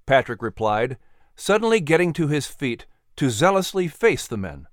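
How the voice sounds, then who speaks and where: A man's voice: fairly high pitch, very animated, no room sound, clean studio sound. Man narrating a historical story. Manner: measured storytelling.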